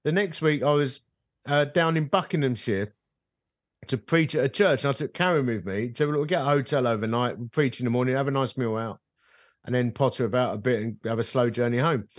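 A man with a mid-range voice, speaking a little fast, tells a story in casual conversation; he's a ministry leader appearing as a podcast guest. The setting is a bar, though the recording is dry and close. He's an animated storyteller who acts out the dialogue.

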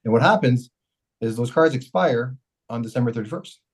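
Middle-aged man from Canada, mayor on a podcast; quick, chatty, keeps restarting his sentences. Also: mid-range voice, slightly rough, poor audio. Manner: rambling, self-correcting, animated storyteller. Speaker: mayor, interview guest. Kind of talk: casual storytelling interview.

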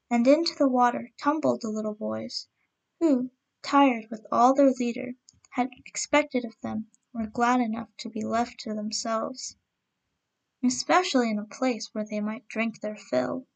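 A woman narrating a folk tale as storyteller host, reading in a gentle, measured way. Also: a little high, fairly even intonation, vocal fry.

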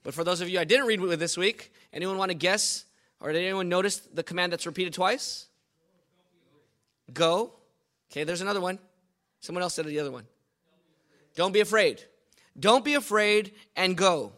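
Bright high-voiced male pastor preaching. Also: moderate pace, pauses often. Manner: asks the congregation questions, emphatic repetition. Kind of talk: sermon.

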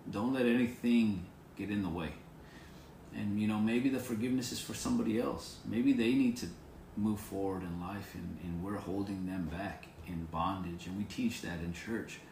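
A man's voice: on the low side, moderate pace, creaky, darkish tone, reverberant, slight background noise. A man preaching an informal devotional sermon to viewers on camera, earnest and encouraging, repeating his phrases. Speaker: pastor.

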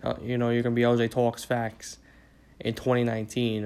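A man's voice: lowish voice, completely flat delivery, fast talker, darkish tone. A tired young man from the New York area hosting a casual solo podcast, rambling with lots of swearing and filler words. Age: young adult. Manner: rambling, profane, many fillers. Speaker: podcast host.

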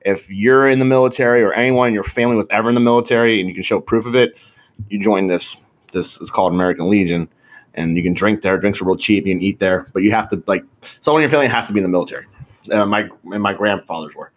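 A man's voice: fairly low pitch, fast. A man co-hosting a podcast in casual chat, rambling and swearing, often laughing as he tells stories. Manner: rambling, profane, laughs a lot. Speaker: podcast co-host.

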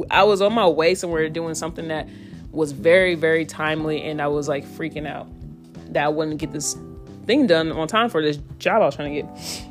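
A young woman hosting a podcast, telling stories in an animated, slangy, profane way. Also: lowish voice. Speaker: podcast host. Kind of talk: casual storytelling. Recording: faint guitar music behind.

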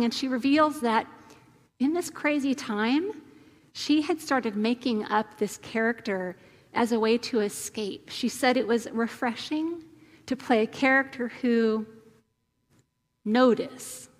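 A woman pastor giving a gentle, conversational sermon and leading a prayer. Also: a little high, long reverb tail. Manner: slow, gentle, conversational preaching.

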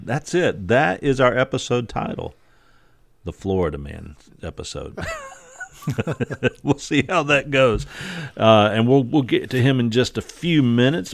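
A man's voice: medium pitch, gravelly, no room sound. A man hosting a podcast in casual chat, rambling and jokey with lots of fillers. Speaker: podcast host.

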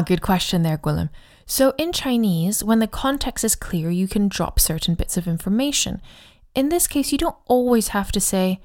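Woman, podcast language teacher, friendly, explanatory, models phrases slowly. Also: medium pitch, darkish tone. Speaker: co-host and Chinese teacher.

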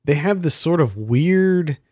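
A man's voice: a little high, lively intonation, takes it slowly, mellow, no room sound, studio quality. A man in a casual film review chat, critical and exasperated, firing off rhetorical questions.

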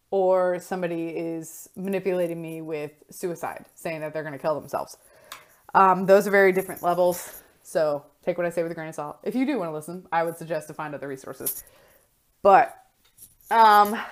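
A woman in her thirties, a life coach, talking casually in a blunt, frank way and swearing freely. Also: fairly low pitch. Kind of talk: casual solo talk.

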